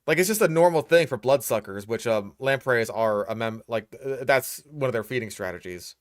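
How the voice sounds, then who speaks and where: A man's voice: mid-range voice, animated, moderate pace, dry recording, studio quality. A young man hosting a reaction commentary, exasperated and profane, picking apart what he hears. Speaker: host reacting to a video.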